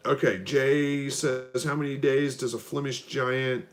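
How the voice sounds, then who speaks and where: Laid-back guy from southwest missouri doing a live q&a, reads out chat questions, lots of ums and restarts, mid-pitched voice. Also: fairly even intonation, a little slow. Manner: easygoing, hesitant with frequent ums and restarts. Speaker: livestream host answering viewer chat. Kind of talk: casual live Q&A, reading out chat.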